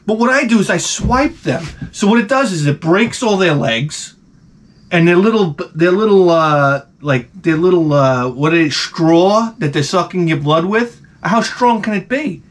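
A man ranting in a casual, profane, wry way, with a voice that sits a little high. His delivery is animated, and he jumps up into a higher voice to act out the people he quotes. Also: a little slow. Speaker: vlogger. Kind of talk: casual comedic rant.

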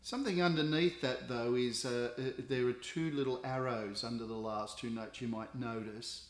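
A man's voice: medium pitch, fairly even intonation, normal speed. Australian man teaching guitar, roomy sound. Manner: patient, explanatory, with frequent fillers and restarts. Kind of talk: instructional explanation. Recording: roomy echo with guitar nearby.

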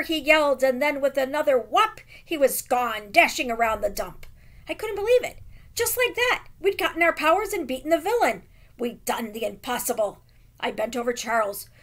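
A woman teacher reading a children's novel aloud with expressive, dramatic emphasis. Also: high voice.

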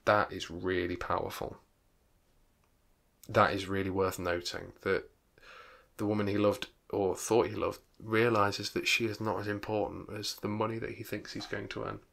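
A man's voice: lowish voice, level tone, moderate pace, gravelly, fairly bright tone. A man teaching a literature revision lesson, explaining a novel with enthusiasm.

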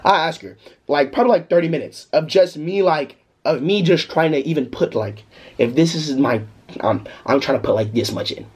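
A young man telling a story casually in a vlog, animated and slangy, breaking into laughter. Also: on the high side, normal speed, husky. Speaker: vlogger.

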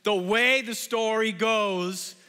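Bright-voiced, animated pastor in a reverberant hall. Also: male voice, high voice, takes it slowly, clear, resonant tone. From Southern California. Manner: chatty, animated storytelling with many fillers. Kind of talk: storytelling sermon. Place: church sanctuary.

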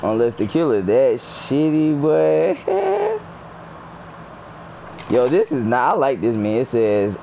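Young man, excitable, swearing, shouty, headset mic, casual gaming chat, very animated pitch. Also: slow pace, gravelly, long pauses, a little hiss or hum. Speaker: gamer streamer.

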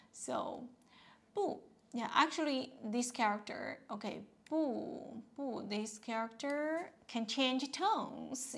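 A woman teaching a language lesson in a slow, unhurried way, with a slightly high voice that has a gravelly fry to it. She patiently repeats each word and tone, dropping in "yeah" and "okay" as she goes. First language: Mandarin Chinese. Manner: patient, repeats words and tones many times, fills with "yeah" and "okay".

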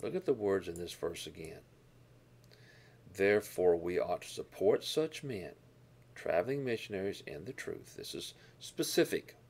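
A man teaching a Bible lesson, explaining verses and Greek words with deliberate emphasis on key words. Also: low voice, sing-song, gravelly, darkish tone, husky.

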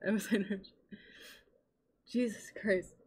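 A young adult woman streaming a game in casual chatter, excitable, rambling and swearing often. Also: medium pitch, takes it slowly, breathy edge.

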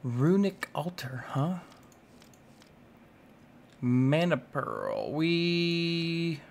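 A man's voice: a little high, measured pace, fairly bright tone, slight background noise. A young man doing casual, playful commentary on his own gameplay, scolding the animals in the game and muttering to himself as he plays. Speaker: gaming YouTuber. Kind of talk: casual Let's Play commentary.

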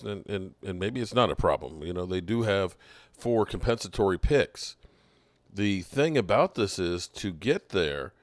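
A man with a fairly low voice hosts a sports show in casual commentary. He works through his points aloud, restarting as he goes. The sound is close and dry, with little room around it. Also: no room sound. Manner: conversational, thinking aloud with restarts. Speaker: sports podcast host.

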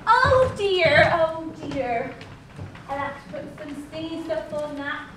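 A woman plays a bossy, teasing little girl in a very high voice, drawling slowly and mocking in a sing-song way. She sounds far off on a very echoey stage with clear hiss behind her. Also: lively intonation, fairly bright tone, full character voice.

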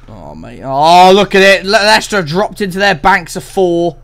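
A young man commentating on a football video game, groaning and shouting at every twist of the play. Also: high-pitched, lively intonation, a little slow. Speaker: gaming co-commentator. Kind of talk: live gameplay commentary.

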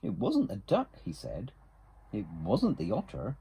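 A man's voice: fairly low pitch, wildly swooping pitch, a little slow, gravelly, dark tone, husky. A man reading a children's picture book aloud, adding chatty asides to young listeners. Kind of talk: storybook read-aloud.

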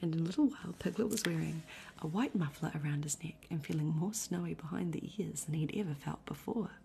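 A woman reading a bedtime story aloud in a soft, unhurried ASMR whisper. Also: low voice, vocal fry, slight background noise. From Australia. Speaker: ASMR streamer.

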